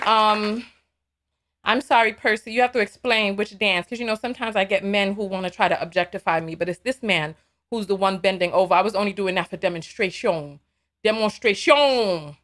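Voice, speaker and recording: A woman hosting a live call-in stream, reading viewer messages aloud and commenting in an animated, sassy way. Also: medium pitch, slight background noise. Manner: animated, sassy, quick to laugh. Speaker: live call-in show host.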